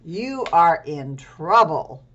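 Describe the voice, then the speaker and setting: A woman voicing a firm but kind police officer in a storybook read-aloud, speaking louder and more slowly. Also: sits low, very animated, highs cut off, full character voice.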